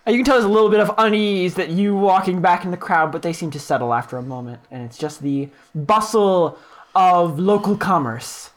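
This is a tabletop game master describing the scene to the players. The delivery is casual and stop-start, with plenty of restarts and quick laughs. The voice sits at a middling pitch.

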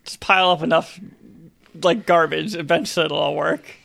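A player at a tabletop game who tosses out dry, offhand jokes. The voice has a gravelly edge and sits at a middle pitch. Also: fairly even intonation, normal speed, a bit bright. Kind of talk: casual chat at a tabletop game.

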